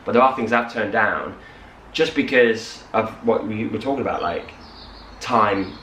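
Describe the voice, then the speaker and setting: Young man, low voice, casual rambling chat, roomy room, distant mic. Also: a little slow, slight background noise. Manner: rambling, animated quoting. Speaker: co-host.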